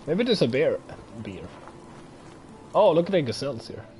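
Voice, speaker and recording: A man's voice: fairly high pitch, moderate pace. A man talks through a video game as he plays, his voice jumping up and down and full of sudden exclamations and casual curses. His throat sounds slightly strained, and a faint hiss sits under the recording. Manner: excitable, swears often, thinks aloud. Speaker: gaming let's-player. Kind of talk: casual gameplay commentary.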